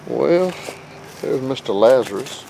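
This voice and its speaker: Before dawn, a middle-aged vlog host stands by a grill outdoors, chatting casually and rambling with folksy, self-deprecating jokes. His medium-pitched voice is mellow with vocal fry, lively in intonation, and he takes his time. Faint outdoor noise sits in the background.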